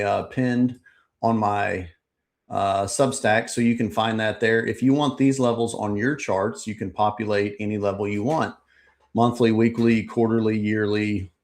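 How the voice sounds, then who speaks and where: Low-voiced man recapping trades casually. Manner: relaxed, rambling, frequent ums and uhs. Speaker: trading channel host. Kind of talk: casual live market recap.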